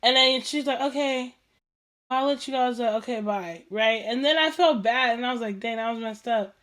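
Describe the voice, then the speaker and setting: A woman hosting a casual chat show, telling stories in an animated, slangy way, acting out what people said and laughing often. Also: fairly high pitch, moderate pace. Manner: animated storytelling, acts out quoted dialogue, laughs often; slangy and informal. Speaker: podcast host.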